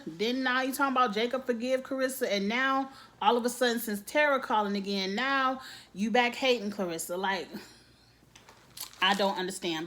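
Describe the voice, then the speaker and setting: A woman's voice: on the high side, a bit bright. A woman giving a casual, blunt TV episode recap, acting out characters' lines with lots of slang. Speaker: TV recap vlogger.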